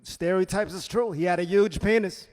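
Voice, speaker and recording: A man doing a stand-up comedy set on a club stage, punchy and loud, with asides to the crowd. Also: sits high, normal speed. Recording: reverberant comedy club hall.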